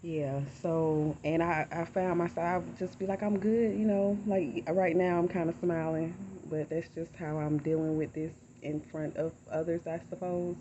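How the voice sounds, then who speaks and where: A woman's voice: low voice, fairly even intonation, normal speed, few pauses. A woman talking candidly in a personal vlog, rambling and heartfelt. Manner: rambling, heartfelt, soft-spoken. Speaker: vlogger. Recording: dull lo-fi audio with loud insect noise.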